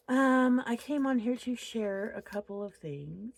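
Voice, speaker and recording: A woman's voice: on the high side, expressive, a little slow, creaky, hardly any pauses. A woman in her thirties chatting casually to camera from her home office, rambling and openly upset. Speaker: crochet vlogger.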